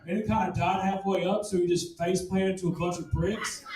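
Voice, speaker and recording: Male stand-up, high voice, crude, self-mocking, booming club room from afar. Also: steady tone, a little fast. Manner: crude, self-deprecating, loud punchlines. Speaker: stand-up comedian. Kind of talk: stand-up comedy set. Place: comedy club stage. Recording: echoey room, distant mic, noisy.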